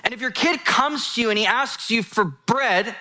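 At normal speed and with a very high-pitched voice, a man delivers a sermon, addressing the congregation and telling animated stories laced with jokes and side comments.

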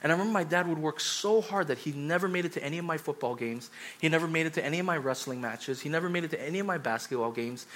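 A young man gives a sermon as a pastor, his voice sitting a little higher than most men's. He preaches with animated energy, tells personal stories and slips into the voices of the people in them. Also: a little hiss or hum. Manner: animated storytelling, acts out quoted voices.

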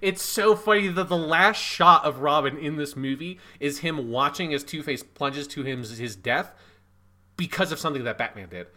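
Bright, slightly high man ranting about a film. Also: normal speed. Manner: emphatic, profane, laughs at the film. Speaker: podcast co-host. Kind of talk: casual film review chat.

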